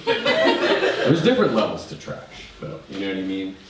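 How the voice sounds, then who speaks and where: A young man doing a stand-up set at a comedy club, telling crude, self-mocking stories with quick asides. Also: on the low side, huge pitch swings, over a noisy crowd. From Maryland, USA. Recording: echoey club heard from far off, noisy.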